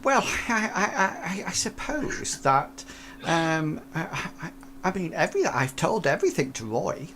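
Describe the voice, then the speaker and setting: A man voicing a timid, wary elderly woman neighbor in a tabletop game, with a soft, quavering old-lady voice. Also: fairly high pitch, very animated, measured pace, pitched above the performer's own voice, heavily acted. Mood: hesitant. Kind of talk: tabletop game role-play.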